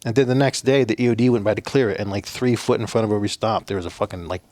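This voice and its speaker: On the low side and a little mellow, the voice belongs to a fast-talking former soldier from a Navajo reservation, United States. As a podcast guest he rambles through casual stories full of fillers and curses, and the recording is dry.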